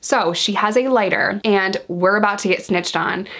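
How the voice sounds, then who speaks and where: A woman's voice: medium pitch, moderate pace. A woman vlogger telling candid stories about her time in jail, blunt and slangy, acting out what people said. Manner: frank, animated storytelling that acts out quoted dialogue. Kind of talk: candid storytime monologue.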